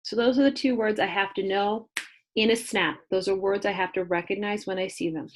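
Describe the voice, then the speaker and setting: A young woman teaching a remote phonics lesson to kindergarten children, slowly sounding out letters and words. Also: medium pitch, fairly even intonation, slight background noise. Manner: slow, exaggerated sounding-out of letters.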